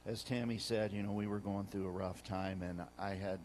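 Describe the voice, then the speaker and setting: A man's voice: fairly low pitch, fairly even intonation, a little mellow, slight background noise. A man reluctantly sharing a personal faith testimony in a church talk, hesitant and searching for words. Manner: slow, reluctant, hesitant with fillers.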